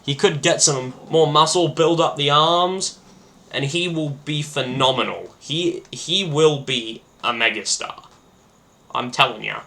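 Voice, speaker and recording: Bright-voiced man rambling. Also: a little high, measured pace, vocal fry. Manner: rambling, filler-heavy, excitable. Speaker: podcast host. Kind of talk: casual solo podcast chat.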